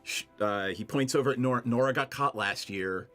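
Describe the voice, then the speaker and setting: A man's voice: mid-range voice, brisk, fairly bright tone, faint music behind, natural voice. A man voicing an eager young male student who pleads earnestly with his peers. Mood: pleading.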